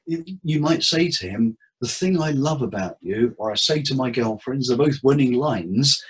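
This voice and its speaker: A therapist guest on a casual interview chat talks in a husky, slightly breathy voice of ordinary middle pitch. He recounts his cases as animated stories, acting out his clients' lines and jumping higher in pitch for their voices. The recording quality is low.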